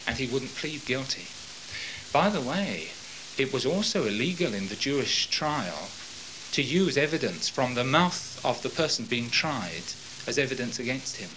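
A man's voice: medium pitch, slight background noise, low-quality recording. A man preaching verse by verse, breaking off to comment and dramatizing the scene. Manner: animated, dramatizes the scene and quotes voices. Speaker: Bible teacher. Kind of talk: verse-by-verse Bible exposition.

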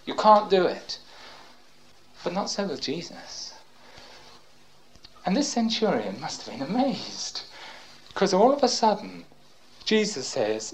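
An older man preaching a sermon and reading scripture aloud. He talks fervently, breaks in with praise, and swings from loud cries to hushed tones. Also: high voice, sing-song, slow, long pauses, slight background noise, low-quality recording.

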